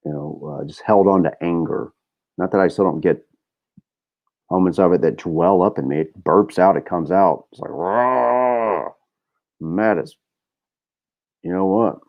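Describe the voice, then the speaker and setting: A middle-aged man hosts a podcast in a low voice, rambling candidly through a casual monologue full of fillers and swearing. The sound quality is lo-fi.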